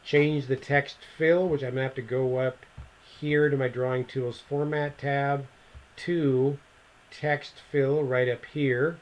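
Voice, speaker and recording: A male teacher talks his class through a software task in a screen-recorded lesson. His voice sits at an ordinary middle pitch, and he chats and thinks aloud as he hunts for menu options. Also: little pitch movement, takes it slowly, low-quality recording. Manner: chatty, thinks aloud while clicking through steps.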